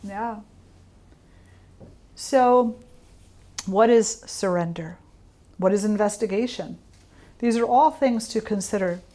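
Calm, questioning woman yoga teacher. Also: medium pitch, slow pace, long pauses. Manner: calm, reflective, asks the listener questions. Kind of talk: informal teaching talk.

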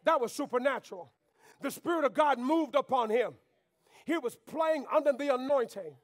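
High-voiced preacher, shouting and hushing. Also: male voice, animated, moderate pace. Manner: preaching with call-and-response, swings between shouting and quiet. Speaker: pastor. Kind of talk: sermon. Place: church sanctuary.

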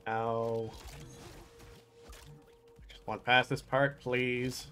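A gaming channel host gives casual let's play commentary while he plays, talking to himself with frustrated outbursts and exclamations. His mid-range voice barely moves in pitch, sounds a bit bright, and stretches words out. Soft music plays in the background.

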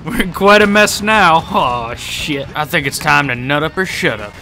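A young man narrates his gameplay with playful jokes and frequent laughter. His voice is bright and forceful, and it sits a little high. He yelps and groans through his mishaps. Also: lively intonation, normal speed, few pauses, soft background music. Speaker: gaming YouTuber. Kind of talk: let's-play commentary.

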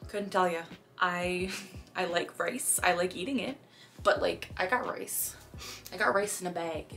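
A woman's voice: fairly low pitch, fairly even intonation, unhurried, gravelly, a bit bright, soft background music. A young woman from Canada talking casually to camera in a vlog, chatty, with sudden phrases blurted out between sentences. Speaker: vlogger.

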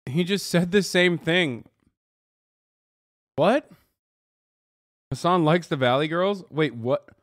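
A man's voice: fairly high pitch, expressive, takes it slowly, pauses often, no room sound, clean studio sound. Male streamer, live reactions, incredulous and sarcastic. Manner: incredulous, sarcastic, swears freely.

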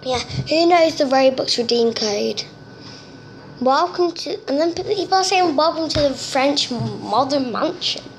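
A young woman giving chatty, excitable gameplay commentary, nervous and talkative, recorded on a phone. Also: high-pitched, a little slow, slight background noise. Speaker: gamer. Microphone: phone screen-recorder mic.

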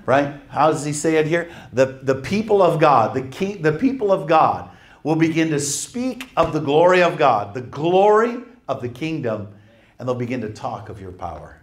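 A man with a fairly high-pitched voice delivers a sermon, reading from scripture and telling a lively testimony story punctuated by quick laughs and emphatic asides.

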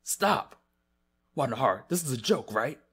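A man voicing a loyal young male shark, alarmed and pleading in a fairly high voice. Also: big pitch swings, moderate pace, creaky, a bit bright, slightly rough, full character voice.

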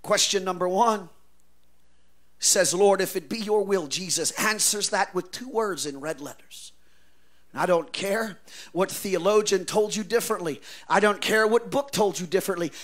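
A man preaching a revival sermon, swinging from quiet asides to shouted declarations, with a folksy preacher's cadence. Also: sits high, moderate pace. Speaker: pastor.

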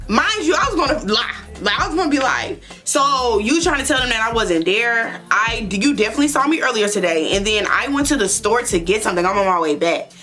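A young woman vlogger telling a storytime in a blunt, profane, animated way, laughing often. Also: a little high, fairly quick, few pauses, soft background music. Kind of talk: storytime chat.

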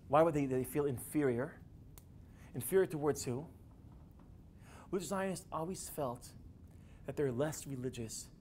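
A man giving a classroom lecture, animated and building to emphatic peaks. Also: mid-range voice, slight background noise.

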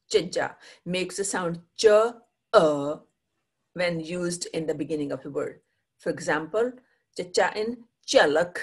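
A woman teacher leads a pronunciation lesson in a low, slightly husky voice. She models each sound, has students repeat it, and keeps checking understanding with a quick "right?". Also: darkish tone. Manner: patient, drills pronunciation with repeat-after-me prompts. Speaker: Punjabi language teacher. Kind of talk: classroom language lesson.

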